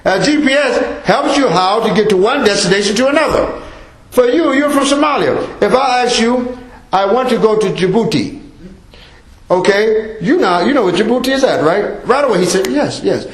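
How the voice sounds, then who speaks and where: A man's voice: high-pitched, expressive, normal speed. A middle-aged American man giving a talk to a mosque congregation, emphatic and repetitive, acting out asides. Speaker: guest speaker. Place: mosque hall. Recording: echoey mosque hall.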